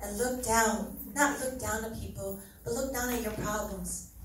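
A woman's voice: a little high, fairly even intonation, measured pace, noisy background. A middle-aged woman giving an earnest, heartfelt church testimony, often laughing as she speaks. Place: church hall. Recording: very echoey hall, mic from far off.

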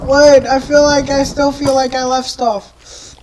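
A woman narrating her own gameplay in a fairly high voice, exasperated and often breaking into yells and screams at the enemies. Between outbursts she drifts into slow, rambling, self-mocking asides. A faint hiss of noise sits behind her. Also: level tone. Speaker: gameplay video creator. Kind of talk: live gameplay commentary.

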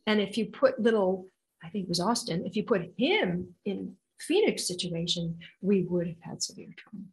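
An older woman, an intuitive healer being interviewed, telling stories with lively acted-out quotes. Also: medium pitch, normal speed, poor audio. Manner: animated, acts out quoted voices. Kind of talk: storytelling interview answer.

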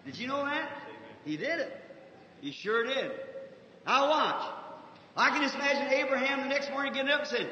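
A man preaching a fervent, folksy revival sermon, shifting from soft asides to shouts, on a 1950s archive recording with faint hiss. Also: extremely high pitch, animated, normal speed, pauses often, reverberant, in a large hall, dull audio.

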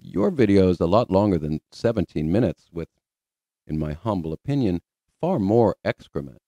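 Sarcastic guy doing a rebuttal, deep mellow voice, super dry sound. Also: lively intonation, normal speed, no room sound. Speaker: channel host. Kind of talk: rebuttal commentary.

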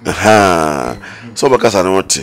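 A Ghanaian man giving excitable commentary in a preaching style, with sudden high bursts. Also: measured pace. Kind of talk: animated preaching-style commentary in Twi and English.

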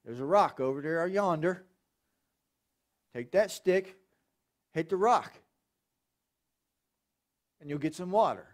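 Calm patient God, low and hushed, put on by a male preacher. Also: slow pace, pauses often.

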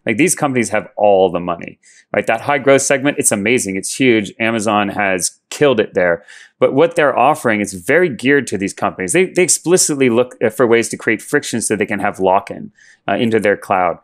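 A low-pitched man answering interview questions as a company head. He talks in a measured, explanatory way and pauses with fillers as he thinks. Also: lively intonation. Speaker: company CEO guest.

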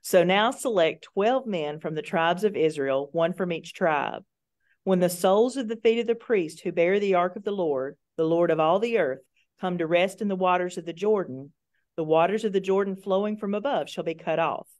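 A woman with a fairly low voice reads scripture aloud to a small church group. Her delivery is steady and careful, giving each verse its place. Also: moderate pace. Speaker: scripture reader in Bible study.

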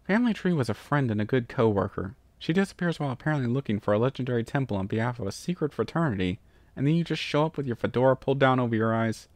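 A man's voice: mid-range voice, animated, quick pace, a little mellow, no room sound, lightly acted. A man voicing a blunt, stubborn female pony who is an adventurous archaeology professor, in a storybook reading.

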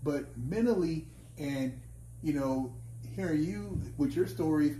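A man hosting a casual conversation, animated and laughing, swearing freely as he tells stories. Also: fairly high pitch, takes it slowly, slight background noise. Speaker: podcast host. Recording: echoey room with faint ambience.

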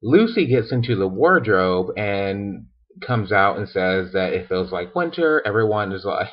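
Tipsy man, sarcastic, giggly, lively pitch, slow pace, dull lo-fi sound. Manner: giggling, sarcastic, profane retelling. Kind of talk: casual vlog storytelling. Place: hotel room. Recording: dull lo-fi recording.

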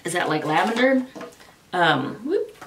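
A woman's voice: lowish voice, big pitch swings, a little slow, fairly bright tone, a little hiss or hum. A middle-aged woman chatting casually through an unboxing, rambling off on tangents, laughing often and swearing casually. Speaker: vlogger.

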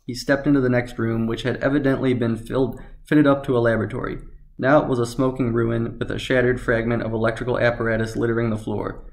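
A man narrating a science fiction story in a steady, even reading. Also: medium pitch, quick pace, creaky.

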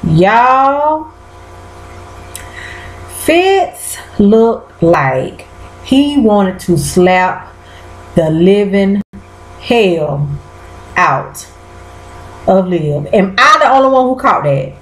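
A woman casually recapping a TV episode for her viewers. She talks at an unhurried, drawn-out pace, full of slangy asides and loud exclamations. Her voice sits at an ordinary middle pitch. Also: big pitch swings, roomy sound, low-quality recording.

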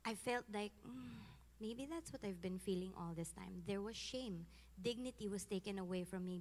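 Filipino woman in her 30s, animated storytelling with lots of laughs, big hall echo. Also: medium pitch. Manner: animated, switching between English and Tagalog, laughing often. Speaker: guest giving a faith testimony. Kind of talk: personal testimony, casual storytelling.

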